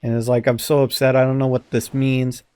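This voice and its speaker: A man's voice: medium pitch, brisk, smooth, no echo. A man co-hosting a podcast in casual chat, telling a story with lots of swearing and acted-out quotes. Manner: animated storyteller, acts out quotes, swears often. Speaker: podcast co-host.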